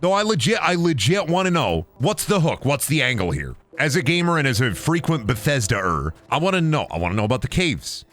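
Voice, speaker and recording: A man streaming a game, ranting and rambling with plenty of swearing as he plays. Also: medium pitch. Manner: profane, rambling, animated ranting. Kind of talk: casual gameplay commentary.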